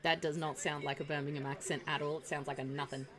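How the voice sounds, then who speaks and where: A woman's voice: deep voice, little pitch movement, fast, crowd noise. An Australian woman streaming a game, chatting casually with a giggly, self-mocking manner. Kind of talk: casual chat while playing.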